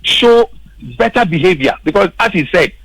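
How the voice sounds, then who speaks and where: A man's voice: sits high, expressive, moderate pace, vocal fry, fairly bright tone, dry recording, low-quality recording. A man, speaking as a political commentator on a radio panel and stressing his points emphatically. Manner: emphatic, repeats words for stress. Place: radio studio.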